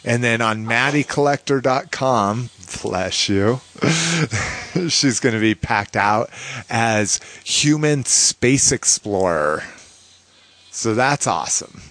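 A man's voice: mid-range voice, lively intonation, slow pace, fairly bright tone. A man co-hosting a podcast, chatting casually about toys and laughing often between fillers. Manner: laid-back, laughs often, many fillers. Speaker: podcast co-host.

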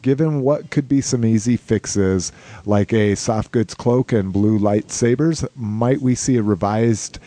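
A man's voice: on the low side, a little slow, warm tone, no room sound. A man hosting a casual podcast, reading listener questions aloud and chuckling often in an easygoing way. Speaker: podcast host.

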